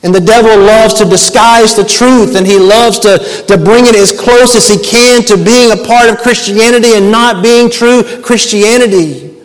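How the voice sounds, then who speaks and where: A man's voice: high-pitched, normal speed, long reverb tail, poor audio. A man preaching a sermon as pastor, emphatic and repeating key phrases for weight.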